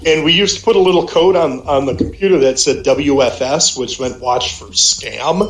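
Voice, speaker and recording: A man's voice: fairly high pitch, normal speed. A middle-aged man on a voice call, telling heated, profanity-laced stories in a casual way. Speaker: guest on a call. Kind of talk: casual storytelling. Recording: roomy echo, faint music behind.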